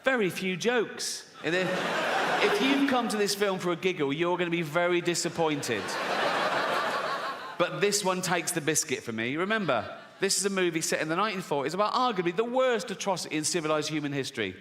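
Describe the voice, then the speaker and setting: A man's voice: high-pitched, expressive, a little fast, big-room sound, heavy background noise. A man doing a stand-up routine, sardonic and sweary, often breaking into laughter. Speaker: comedian.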